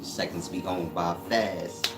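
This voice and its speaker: A man's voice: deep voice, fairly even intonation, slow pace, music in the background. A man hosting his own channel, talking in a casual, slangy, joking monologue and laughing often. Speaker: channel host.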